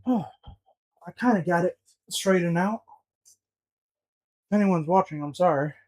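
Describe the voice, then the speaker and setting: A man's voice: high-pitched, unhurried, darkish tone. A man cooking at home, talking to himself in a flustered, muttering way and swearing often. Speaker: home cook vlogger. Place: home kitchen.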